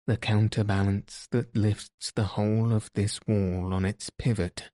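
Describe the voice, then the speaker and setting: Guy doing a mournful cautious persian guide, slow and flat, storybook reading. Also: on the low side, no echo, clean studio sound. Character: grave, secretive male Persian guide.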